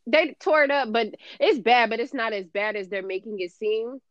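A woman's voice: a little high, animated, normal speed, no room sound, lo-fi sound. Blunt New Jersey woman co-host. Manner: affirming, frequent "right, right" backchannels, blunt. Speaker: podcast co-host. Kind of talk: casual podcast chat.

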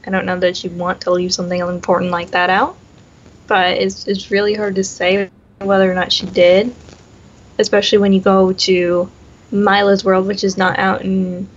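Measured young woman, dull audio. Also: mid-range voice, completely flat delivery. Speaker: podcast co-host. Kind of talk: casual chat.

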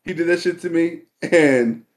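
Profane, animated male storyteller. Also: fairly high pitch, normal speed. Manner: profane, animated, acts out scenes. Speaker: podcast co-host. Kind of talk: casual storytelling.

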